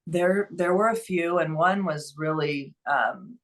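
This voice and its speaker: A woman's voice: lowish voice, slow. Middle-aged woman, earnest nonprofit founder guest, candid and heartfelt. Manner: earnest, emotional, quotes others in lively voices. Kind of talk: conversational storytelling.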